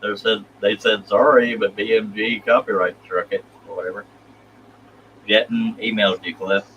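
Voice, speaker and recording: A man's voice: on the low side, level tone, normal speed, a bit bright, dull audio, slight background noise. A man hosting a casual live stream, rambling and reading viewer comments aloud.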